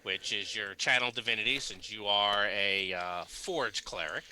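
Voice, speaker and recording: Guy running a tabletop game, lowish bright voice, easygoing and chatty with lots of ums. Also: a little slow, slight background noise, poor audio. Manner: relaxed, chuckling, rambling narration with fillers. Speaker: game master. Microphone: desk mic on a live stream.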